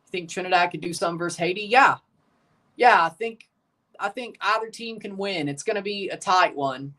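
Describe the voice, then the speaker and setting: A man's voice: high voice, brisk, sharp tone. A man giving casual live commentary while watching a football match, talking through the play, answering viewers, and getting nervous near the end. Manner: chatty, nervous, calls out play as it happens. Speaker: streamer reacting to a live match.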